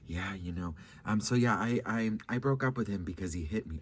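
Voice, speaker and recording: A man telling dating stories to his viewers in a casual, sassy, dramatic way, swearing and changing his pitch often. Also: brisk, slightly rough. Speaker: vlogger. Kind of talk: casual storytime chat.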